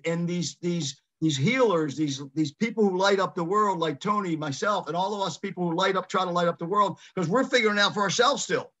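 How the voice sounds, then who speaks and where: A man coaching a group over a call, his voice sitting a bit high. He talks emphatically and circles back over the same phrases to drive them home. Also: a little fast, few pauses, fairly bright tone, lo-fi sound. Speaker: real estate coach leading a mastermind call. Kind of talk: motivational coaching talk.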